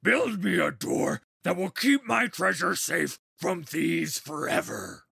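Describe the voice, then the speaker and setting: A man voicing a hideous ancient male troll who gloats, taunts and cheats, with a gravelly, squawking voice. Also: big pitch swings, takes it slowly, sharp tone, no room sound, clean studio sound, exaggerated voice. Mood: gloating. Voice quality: gravelly, raspy, high and squawking.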